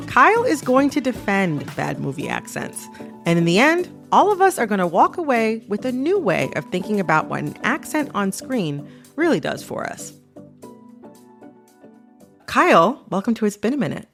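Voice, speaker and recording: A woman hosting a radio podcast, delivering scripted narration and interview questions in a lively, emphatic and playfully indignant way. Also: medium pitch, normal speed, faint music behind. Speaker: podcast host. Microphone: studio microphone.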